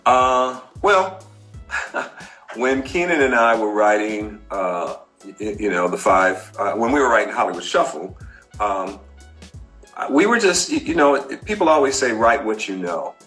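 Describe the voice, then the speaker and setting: A man's voice: fairly low pitch, unhurried, soft background music, low-quality recording. A middle-aged man, a filmmaker, telling stories in an interview and acting out the quotes. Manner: animated storyteller, acts out quotes. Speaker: filmmaker guest. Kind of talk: interview storytelling.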